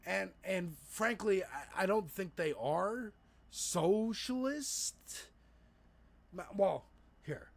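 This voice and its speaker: Gravelly man ranting on a stream. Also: high-pitched, expressive, takes it slowly. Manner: profane, rambling, frequent restarts. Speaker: livestream co-host. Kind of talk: casual political talk stream.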